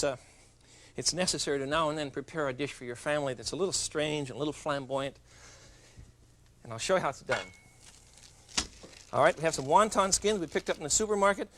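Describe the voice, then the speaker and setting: Man, TV cooking host, chatty, joking asides, lively pitch, faint background noise. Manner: chatty, playful, jokes with viewers. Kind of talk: TV cooking demonstration.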